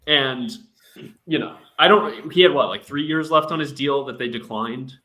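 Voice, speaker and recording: A man's voice: medium pitch, moderate pace, bright, forceful tone. A man on a sports podcast who talks casually and thinks aloud, with lots of fillers and restarts. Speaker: podcast panelist.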